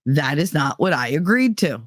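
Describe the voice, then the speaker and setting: A woman hosting a podcast, telling a personal story in a casual, profane way and acting out the people she quotes with sudden jumps in pitch. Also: big pitch swings, moderate pace, no echo, studio quality. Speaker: podcast host.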